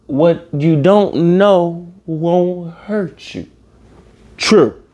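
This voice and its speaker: A man hosting a reaction video, giving casual comedic commentary with animated, emphatic outbursts. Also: fairly high pitch, drawn-out words.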